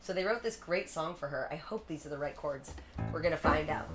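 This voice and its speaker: A woman live-streaming, chatting quickly and casually between songs, thanking viewers and joking about herself. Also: sits low. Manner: quick, chatty, self-deprecating. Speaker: streamer singing covers. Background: guitar.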